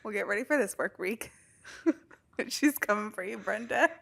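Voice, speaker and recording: A young woman co-hosting a chatty podcast, her voice carrying a gravelly fry at mid pitch. She tells animated stories with casual swearing and lots of back-and-forth. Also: moderate pace. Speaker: podcast co-host. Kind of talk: casual chat.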